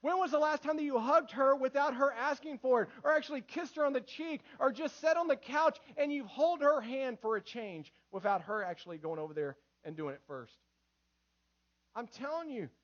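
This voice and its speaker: Pastor guy preaching, really high voice, kinda dull muffled sound. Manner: lively preaching with acted quotes. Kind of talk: sermon. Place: church.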